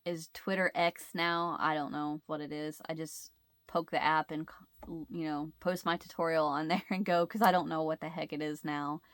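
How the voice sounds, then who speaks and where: A woman's voice: deep voice, little pitch movement, normal speed, dry recording. A middle-aged woman hosting a crochet channel, chatting casually to her viewers and telling a rambling story, often losing her words and restarting.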